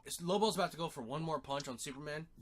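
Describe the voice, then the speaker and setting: A man in casual chat, excitedly retelling a film idea and acting out the characters as he goes. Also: a little high, quick pace. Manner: animated, acts out voices while retelling a story, laughs often. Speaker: co-host pitching a film rewrite.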